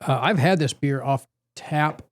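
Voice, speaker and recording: A man's voice: fairly high pitch, unhurried, dry recording. A man co-hosting a beer podcast, chatting casually and rambling with lots of fillers. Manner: rambling, with many fillers and frequent laughter. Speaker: podcast co-host. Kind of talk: casual chat.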